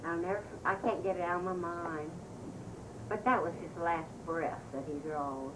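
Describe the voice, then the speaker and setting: An older woman from West Virginia telling family memories in a rambling, unhurried way, laughing now and then. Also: fairly low pitch. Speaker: family storyteller. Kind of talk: reminiscing oral history. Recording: distant mic, noisy home recording.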